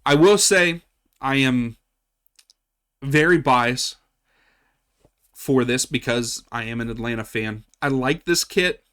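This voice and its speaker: A man's voice: medium pitch, fairly bright tone. Guy from west virginia doing a casual kit ranking, chatty, keeps restarting his sentences. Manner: chatty, repeats himself, frequent restarts. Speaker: soccer channel host. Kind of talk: casual tier-list commentary.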